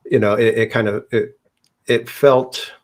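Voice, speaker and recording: A man's voice: mid-range voice, steady tone, unhurried. A man co-hosting a casual podcast chat, rambling and hedging with lots of restarts. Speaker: podcast co-host.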